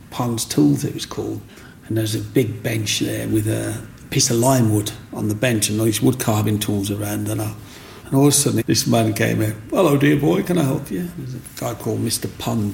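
A man's voice: fairly low pitch, moderate pace, slight background noise. A man telling his life story in an interview, acting out the voices of people he met. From England. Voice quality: gravelly. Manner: animated storyteller who acts out other people's lines.

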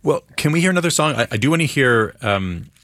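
A man's voice: medium pitch, lively intonation, fast talker, fairly bright tone, dry recording. A man hosting an interview, asking questions hesitantly with restarts. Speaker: interviewer host.

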